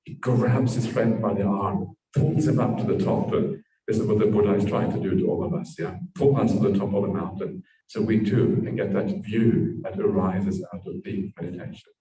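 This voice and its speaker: Male monk teacher, low and mellow, dharma talk, distant echoey mic. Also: steady tone, moderate pace. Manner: storytelling with frequent tag "yeah"s. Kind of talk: dharma talk at a meditation retreat.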